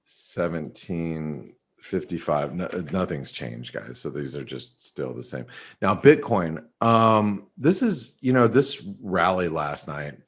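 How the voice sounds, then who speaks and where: Deep-voiced man rambling through market talk. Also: big pitch swings, takes it slowly, husky. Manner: rambling, many restarts and fillers. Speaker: market analyst host. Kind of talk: casual webinar chat.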